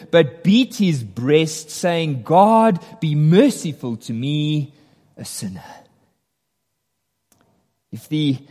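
High-voiced preacher in a reverberant hall. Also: male voice, a little mellow. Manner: earnest, emphatic preaching that rises in intensity. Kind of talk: sermon.

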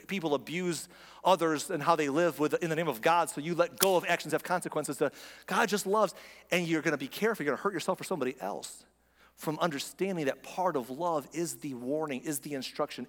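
Pitched on the high side and fairly bright, this man's voice fills a reverberant hall as he gives an earnest sermon. The pastor's delivery is conversational, with frequent restarts.

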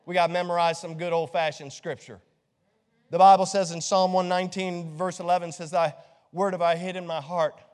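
A middle-aged male pastor preaching a sermon, lively and joking as he quizzes his congregation with rhetorical questions. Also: sits high, a little fast, clean tone. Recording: long hall reverb.

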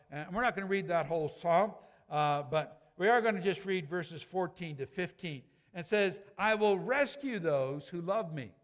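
Earnest high-voiced male preacher. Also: big-room sound. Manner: earnest, repeats phrases, slows down to read scripture. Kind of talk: sermon.

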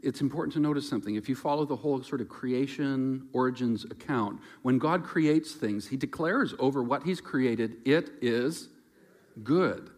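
A man preaches a reflective, conversational sermon, swinging between loud emphasis and quiet asides. He speaks at a moderate pace in a mid-range voice, with hardly any pauses.

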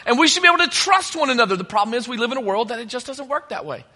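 A man's voice: extremely high pitch, fast talker, few pauses, bright, forceful tone, long reverb tail. A man preaching a sermon as pastor, conversational and joking between points.

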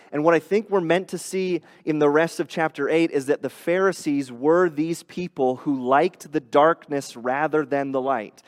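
A man's voice: on the high side, in a large hall. A man preaching a sermon as pastor, earnest and explanatory, often restarting phrases and rising on emphatic points.

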